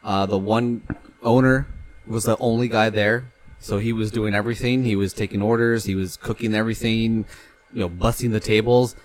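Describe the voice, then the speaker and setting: A man's voice: fairly low pitch, steady tone, moderate pace. A young man from California chatting on a podcast, rambling loosely, swearing casually and laughing easily. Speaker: podcast co-host. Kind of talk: casual chat.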